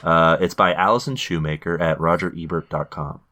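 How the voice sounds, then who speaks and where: A man hosting a podcast in casual chat, halting with many ums and restarts. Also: low voice, steady tone, sharp tone, a little hiss or hum. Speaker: podcast host.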